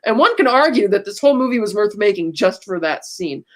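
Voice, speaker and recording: His voice is high, a bit bright and animated, moving fairly quickly as he co-hosts a casual podcast. He walks through movie scenes, quoting lines, and keeps breaking off to restart or laugh.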